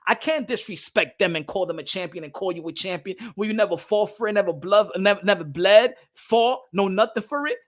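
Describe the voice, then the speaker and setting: A young man hosting a boxing channel livestream in casual chat, animated, repeating himself and laughing often, slipping into Spanish. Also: high-pitched, fairly quick, few pauses.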